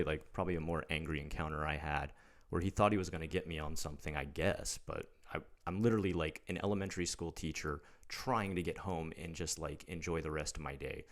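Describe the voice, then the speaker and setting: A man's voice: a bass voice, fairly even intonation, a little fast. A man in his thirties telling a story in a blunt, exasperated and mocking way, with casual swearing. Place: living in Japan.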